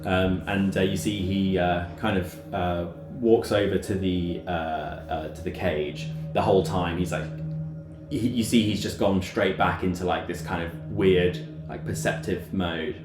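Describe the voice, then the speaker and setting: A man's voice: deep voice, fairly even intonation, unhurried, echoey room, music in the background. A man narrating a tabletop role-playing game as game master, rambling with many fillers.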